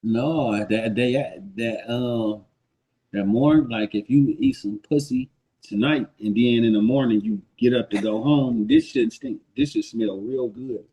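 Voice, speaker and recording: Man co-host, mid-pitched, blunt profane storyteller on a casual live stream. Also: measured pace, dark tone, poor audio.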